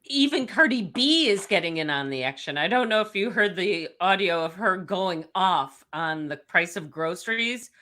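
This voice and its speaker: A woman's voice: fairly low pitch, animated, normal speed, hardly any pauses, bright, forceful tone. A woman co-hosting a talk show, chatting in a giggly, playful way. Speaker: co-host. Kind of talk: casual chat.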